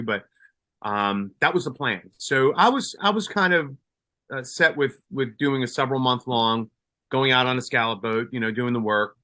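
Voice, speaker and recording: A man's voice: mid-range voice, sharp tone. A retired police sergeant from Colombia, a man, telling a story in a casual interview, with many restarts and fillers.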